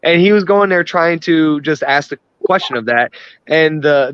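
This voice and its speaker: Brief: fired-up man cursing through a casual chat, slightly high voice, dead-dry room. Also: expressive, normal speed, fairly bright tone, clear, resonant tone, dry recording. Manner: profane, worked-up ranting. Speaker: podcast host. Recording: dry, dull lo-fi sound.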